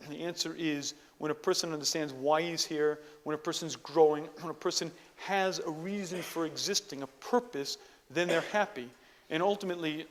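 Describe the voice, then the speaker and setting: A man giving an emphatic religious lecture who often clears his throat. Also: a little high, big-room sound. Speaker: Torah lecturer.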